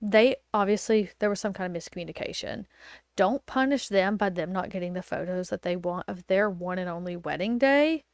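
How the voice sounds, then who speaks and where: A woman hosting a laid-back podcast from home, talking casually and animatedly as she tells a story or answers a question. Her voice sits at an ordinary middle pitch and sounds dry and close to the mic, with no room echo. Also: fairly quick. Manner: animated, chatty, lots of fillers and quoted dialogue. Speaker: podcast host, wedding photographer.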